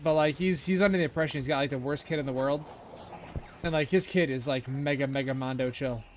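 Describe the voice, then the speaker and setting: A man's voice: mid-range voice, brisk, slight background noise. A young man streaming a game, chatting casually and rambling with lots of fillers and swearing. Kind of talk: casual gameplay chat.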